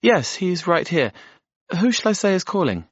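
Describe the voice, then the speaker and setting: A man voicing a polite, brisk female office receptionist in an audiobook. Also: high voice, very animated, no echo, muffled recording, voice pushed up, exaggerated voice.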